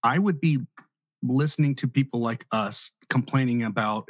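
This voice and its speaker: Husky laughing podcast co-host man. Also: medium pitch, normal speed, no echo. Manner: laughs easily, animated, rambling. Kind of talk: casual podcast banter.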